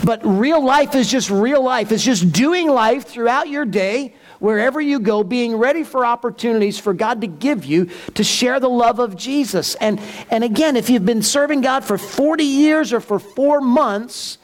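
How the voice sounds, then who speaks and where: A man preaching a sermon, telling a story in an animated way and acting out the voices of the people in it. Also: extremely high pitch, moderate pace. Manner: animated, acts out voices in stories. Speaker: pastor.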